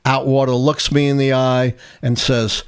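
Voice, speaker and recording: An older man recounts a past meeting as a host on a live election show. He tells it like a seasoned storyteller and slips into the voices of the people he quotes. His voice sits at an ordinary middle pitch. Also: measured pace, clean tone. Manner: animated anecdotal storyteller, acts out quotes. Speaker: host, historian.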